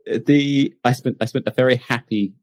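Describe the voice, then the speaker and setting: A man's voice: mid-range voice, steady tone, normal speed, darkish tone, dry recording. A man co-hosting a casual tech podcast, talking with a dry, teasing sense of humor. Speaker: podcast co-host.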